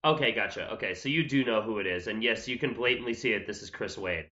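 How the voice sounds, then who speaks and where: A man's voice: on the low side, fast talker, sharp tone. A man acting as game master, patiently calling turns and checking rolls. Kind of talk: running a tabletop game. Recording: lo-fi audio.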